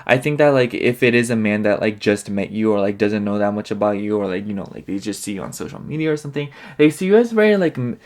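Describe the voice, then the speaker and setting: A man's voice: fairly low pitch, fast talker, hardly any pauses, a little mellow. A man giving a casual pick-a-card tarot reading, rambling and filling nearly every phrase with "like". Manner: rambling, filler-heavy, leans on "like" constantly. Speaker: tarot reader.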